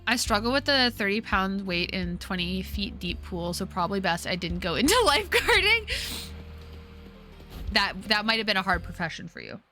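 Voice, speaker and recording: A woman in her twenties chatting casually while streaming a game, talking in a giggly, upbeat voice she keeps high out of long habit from customer service. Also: very animated, normal speed, sharp tone, soft background music. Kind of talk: casual chat while gaming.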